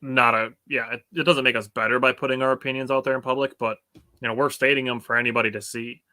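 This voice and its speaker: A man's voice: medium pitch, fairly even intonation, fast talker, bright, forceful tone, no echo, studio quality. A man co-hosting a casual sports podcast, talking in a reflective way with lots of "you know" and easy chuckles. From Wisconsin. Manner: reflective, hedging with fillers, chuckles often. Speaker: podcast co-host.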